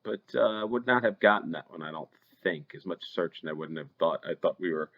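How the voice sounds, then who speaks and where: A man's voice: deep voice, a little fast, muffled recording. An American man hosting a play-along geography game, thinking aloud with hesitant ums as he weighs each guess. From United States. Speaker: game show host. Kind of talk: play-along gameplay commentary.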